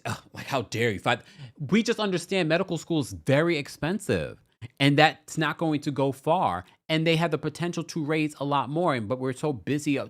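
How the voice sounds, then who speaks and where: A man hosts a casual livestream. His voice rises and falls a lot as he reads viewer comments in a playful way. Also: mid-range voice. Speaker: host of a live recap show.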